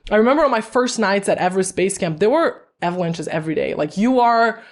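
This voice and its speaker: A woman from Brazil, a podcast guest, telling stories in an animated way and laughing often as she talks. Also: medium pitch, quick pace. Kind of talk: storytelling in a podcast interview.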